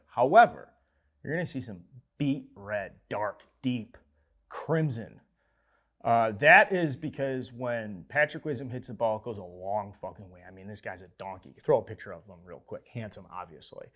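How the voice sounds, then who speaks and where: A man hosting a live sports talk show in a studio, excitable, with loud swings in his delivery and casual swearing. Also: mid-range voice.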